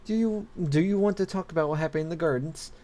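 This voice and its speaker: A man's voice: a little high, fast, warm tone, voice pushed up, natural voice. A man reading the lines of a firm, fatherly king in a plain voice.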